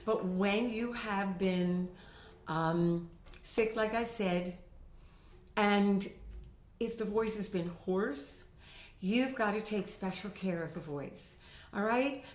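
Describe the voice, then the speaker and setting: A middle-aged woman voice teacher recovering from a sinus infection, chatting and demonstrating pitch with her own voice in a home video lesson. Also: slow, long pauses, a little hiss or hum. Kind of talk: instructional video talk. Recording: roomy home recording.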